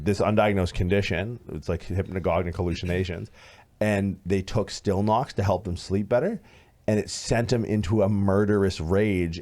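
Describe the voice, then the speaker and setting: A man in his thirties co-hosting a podcast, telling a story in casual chat, animated and swearing, acting out what others said. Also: low-pitched. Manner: animated, swearing, acts out quoted voices loudly. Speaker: podcast co-host.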